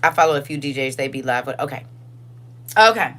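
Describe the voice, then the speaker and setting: An older woman talks casually with her livestream viewers in a bright, forceful voice. She is chatty and emphatic, repeats her phrases, and reads comments out loud as she goes. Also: extremely low pitch, expressive, brisk. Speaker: livestream host.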